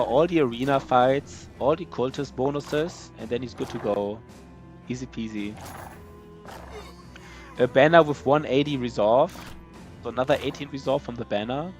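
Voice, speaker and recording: A man talking his way through a live game stream in a loose, rambling voice of ordinary pitch, full of fillers and restarts as he answers chat. Faint music plays underneath him. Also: moderate pace. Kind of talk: casual live-stream chat while gaming.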